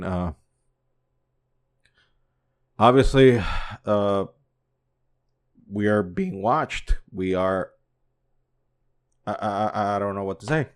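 A man hosting a podcast in profane casual commentary, swearing constantly and repeating himself, swinging from low muttering to loud incredulous outbursts. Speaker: podcast host.

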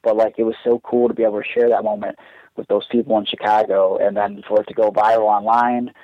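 A man's voice: fairly low pitch, level tone, fast, darkish tone, no echo. A young man, a wrestler guest on a podcast, telling a long personal story in a casual, earnest, rambling way, with many "like"s. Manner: earnest, rambling, heavy use of "like". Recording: dull, dry lo-fi sound.

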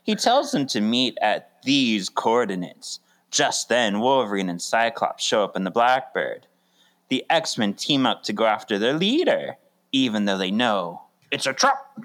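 A man's voice: medium pitch, a little slow. A man co-hosting a casual podcast, chatting and laughing often. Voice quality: laughs often, animated delivery. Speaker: podcast co-host.

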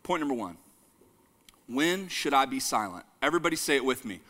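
A man preaching a sermon, animated, joking and calling the congregation to say lines back. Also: mid-range voice, fairly quick. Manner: jokes and laughs with the audience. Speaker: pastor.

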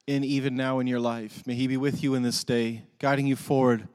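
A man speaking a benediction in a steady, measured way. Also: mid-range voice. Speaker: minister giving a benediction. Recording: long reverb, distant from the mic.

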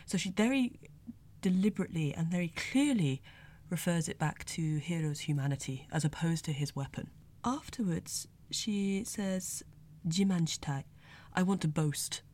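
A woman with a low voice gives a casual spoken review. She sounds chatty and analytical and pauses to unpack the meaning of foreign words. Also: dark tone. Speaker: anime reviewer.

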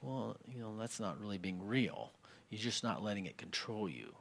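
Guy preaching a sermon, kinda low voice, chatty with lots of "you know", gets louder reading verses. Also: lively intonation, moderate pace, vocal fry. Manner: conversational preaching, many fillers, rising intensity when reading scripture. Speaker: pastor.

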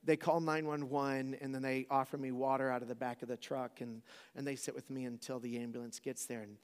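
A man's voice: medium pitch, flat delivery, a little fast, clean tone, big-room sound. A man in his forties, a preacher telling a funny personal story to a live audience, casual and joking, often asking the crowd questions.

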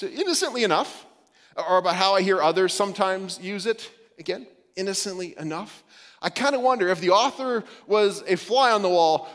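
A man with a fairly high voice preaches to his congregation in an easy, conversational way, joking now and then and restarting his sentences. His words ring out with the long reverb of a large church hall. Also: a bit bright. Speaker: pastor. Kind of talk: sermon. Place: church sanctuary.

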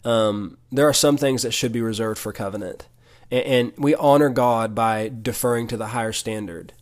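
A man's voice: medium pitch, moderate pace. A man teaching from the Bible in an earnest, conversational way, often restarting and repeating words. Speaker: podcast preacher.

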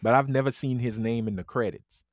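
A man's voice: medium pitch, a little fast, no room sound, studio quality. A man co-hosting a podcast, joking loosely and cursing in casual chat. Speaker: podcast co-host.

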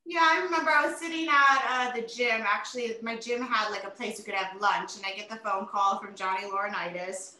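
A woman in her forties, a retired wrestler, telling stories in a casual interview in an animated, emotional way with many fillers. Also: medium pitch, brisk, few pauses, reverberant, rough recording.

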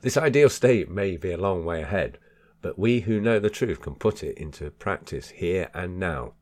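A man hosting a podcast, reading a book chapter aloud in a measured way and breaking off for chatty, self-amused asides. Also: deep voice, a little mellow.

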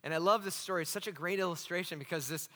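A man preaching a sermon as pastor, animated and asking the congregation questions. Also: high-pitched, racing, big-room sound. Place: church hall.

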